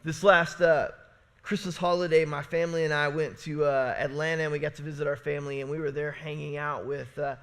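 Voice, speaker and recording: A middle-aged man preaching a sermon in a church, with a notably high-pitched voice. His tone is bright and forceful, and he tells his points like a casual story. He keeps checking in with the room with "right?" and moves between booming emphasis and quiet, low asides. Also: little pitch movement, fairly quick. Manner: conversational storytelling, frequent "right?" and repetitions; swings between loud emphatic and hushed low passages. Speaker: pastor. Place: church sanctuary.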